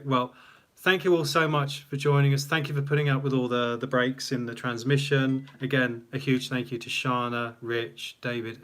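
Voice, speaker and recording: A man's voice: medium pitch, a bit bright. A man hosting a casual live stream from a small room at home, chatty and rambling, laughing often at himself. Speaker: livestream host.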